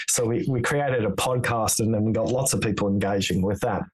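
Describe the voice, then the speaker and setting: A man being interviewed as a guest, speaking in a measured, explanatory way and telling stories with quoted dialogue. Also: fairly low pitch, husky, poor audio. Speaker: podcast guest, author on listening. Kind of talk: interview conversation.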